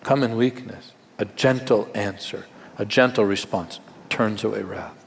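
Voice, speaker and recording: A man's voice: lowish voice, measured pace, vocal fry, breathy edge. Man preaching in a reverberant hall. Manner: conversational preaching with rhetorical questions and humor. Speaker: pastor. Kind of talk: sermon.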